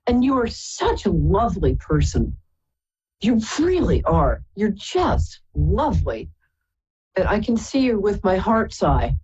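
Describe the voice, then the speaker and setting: Sing-song and a little slow, her mid-range voice has a darkish tone and a breathy edge. She's a psychic radio host from Brooklyn, New York, taking live calls for readings and chatting affectionately, calling everyone darling and sweetheart. High frequencies are cut off.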